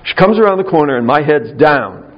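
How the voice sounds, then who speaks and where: A man's voice: on the high side, expressive, brisk. A man giving a conversational spiritual talk to clergy, wry and anecdotal, telling stories from his childhood. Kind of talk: spiritual talk with personal storytelling. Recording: dull lo-fi recording.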